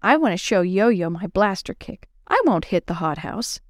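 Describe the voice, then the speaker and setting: A woman voicing an excitable young girl in a children's storybook reading. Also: mid-range voice, moderate pace, dry recording, studio quality, close to an everyday voice. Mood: excited. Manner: bright and eager.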